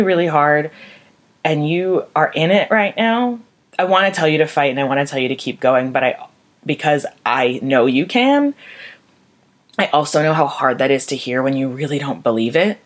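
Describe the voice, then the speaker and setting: Low-voiced woman, raw and sweary. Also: normal speed. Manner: raw and emotional, swears freely. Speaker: vlogger. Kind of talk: candid personal monologue.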